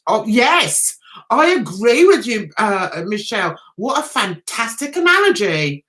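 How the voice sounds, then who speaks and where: Woman, middle-aged, british, live-stream chat, giggly, lively sing-song pitch, unhurried delivery. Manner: giggly, chatty, often laughs at herself. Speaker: vlogger hosting a live chat. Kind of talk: casual live-stream chat reading comments.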